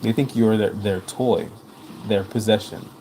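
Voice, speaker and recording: This man hosts a live stream, responding in earnest to viewer comments he reads aloud and repeating points to drive them home; his English carries a non-native accent. The voice is lowish, mellow and a little slow with fairly even intonation, recorded at low quality with slight background noise.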